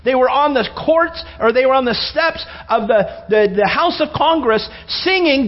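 A man preaching a sermon, telling Bible stories with animated energy and rhetorical questions. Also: very high-pitched, unhurried, few pauses. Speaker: pastor. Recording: dull lo-fi sermon recording.

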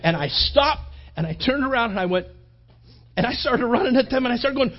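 Husky high-voiced preacher telling a story. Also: male voice, moderate pace, dull audio. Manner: animated storyteller, acts out his own thoughts. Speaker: pastor. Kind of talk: sermon with a personal story.

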